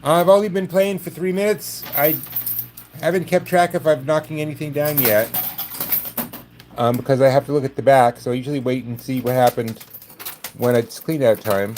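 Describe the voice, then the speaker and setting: A man's voice: mid-range voice, fairly even intonation, moderate pace, noisy background. A man from Brooklyn with a New York accent, chatting with viewers during a live stream as he plays a coin pusher. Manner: chatty, rambling, answers viewers by name. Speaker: livestream host. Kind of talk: casual live chat while playing a coin pusher.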